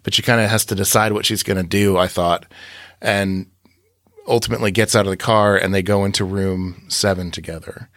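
Low-voiced man recapping scenes, dry sound. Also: fairly even intonation, fairly quick, a bit bright, no room sound. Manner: meandering, recapping scenes with restarts. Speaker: podcast co-host. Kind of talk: casual podcast discussion.

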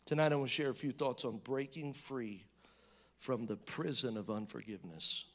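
A man preaching a sermon, swinging between loud emphatic bursts and hushed, low reading of scripture, with conversational asides and restarts. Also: normal speed.

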